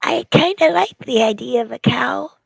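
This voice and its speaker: A woman playing a tabletop game in character, soft, hesitant and playful. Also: sits high, lively intonation, normal speed, creaky, no echo, poor audio. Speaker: player. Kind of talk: in-character tabletop role-play.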